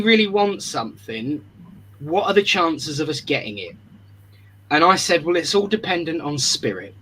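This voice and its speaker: A man's voice: fairly high pitch, a bit bright, a little hiss or hum, poor audio. A man hosting an online spiritualist service, chatty and affectionate, often restarting his sentences.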